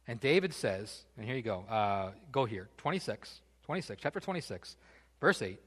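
A man preaching a sermon, telling the story in an animated, casual way with joking asides. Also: on the low side, normal speed, in a large hall. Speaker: pastor.

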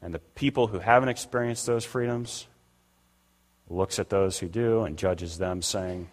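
Older guy pastor preaching, really low voice, big reverby church hall. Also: a little slow. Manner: conversational preaching, acts out quoted voices. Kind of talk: sermon. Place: church sanctuary.

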